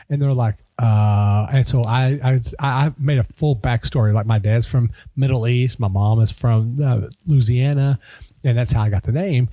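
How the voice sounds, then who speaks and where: A man's voice: medium pitch, normal speed, dark tone, no room sound. A man hosting a podcast in casual chat, effusive and laughing often. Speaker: podcast host.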